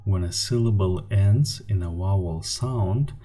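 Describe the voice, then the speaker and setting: A man teaching a lesson at an unhurried pace. His voice is low, mellow and a little husky. He patiently says each example word twice. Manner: patient, repeats example words slowly. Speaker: language teacher. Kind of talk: slide-based language lesson.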